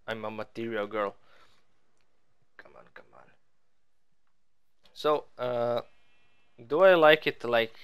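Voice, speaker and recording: A gaming channel host rambles through casual let's-play commentary while building in a game, joking at his own expense. His voice sits on the low side, fairly bright and clean in tone, and his manner is playful and self-mocking.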